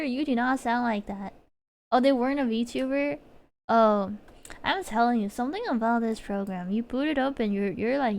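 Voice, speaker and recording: A woman streamer chatting casually, rambling and giggling, with lots of fillers and restarts. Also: on the high side. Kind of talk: casual chat while streaming. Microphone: desk mic.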